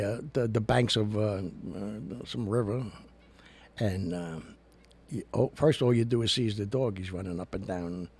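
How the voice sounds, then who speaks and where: A man hosting a casual talk show, chatting in a loose, jokey way with an American accent and lots of fillers. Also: fairly low pitch. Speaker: show host.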